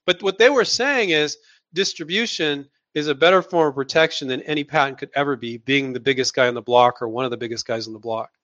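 A man's voice: medium pitch, brisk, a bit bright, muffled recording. A man hosting a live question-and-answer session, giving blunt, emphatic advice and repeating words for stress. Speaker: host answering viewer questions.

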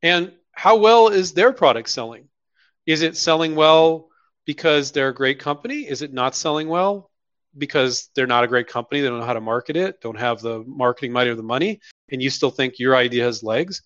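A man's voice: medium pitch, animated, a little fast, a bit bright, no room sound, highs cut off. A man hosting a live question-and-answer session, talking bluntly and casually. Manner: blunt, mock-quoting others in put-on voices. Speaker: host answering viewer questions.

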